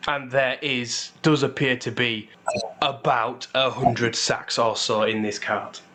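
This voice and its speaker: A man, narrating a tabletop game as game master in a relaxed way. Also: mid-range voice, slow pace, a crowd in the background. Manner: relaxed, full of fillers and restarts, wry asides.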